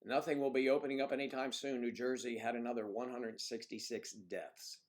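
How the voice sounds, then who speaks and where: Male livestream host, casual rambling chat, mid-pitched voice. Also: fairly even intonation, brisk. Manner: rambling, chatty, reads out viewer comments.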